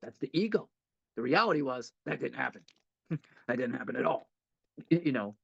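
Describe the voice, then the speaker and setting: A man's voice: mid-range voice, lively intonation, normal speed, creaky, slightly rough, highs cut off. A man giving a heartfelt, rambling talk at a recovery meeting, often repeating himself and laughing a little.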